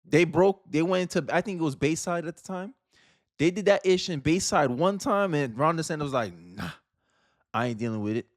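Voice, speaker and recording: A man's voice: a little high, moderate pace, dry recording, studio quality. A man from Florida hosting casual political commentary, talking emphatically with slang and frequent restarts.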